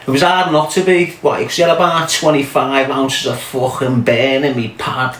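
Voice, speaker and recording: A man's voice: medium pitch, fairly even intonation, normal speed, a bit bright. A man with a Scouse accent, chatting to viewers on a livestream, swearing a lot and telling loose stories. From England. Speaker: livestream host. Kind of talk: casual livestream chat. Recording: echoey room with music behind.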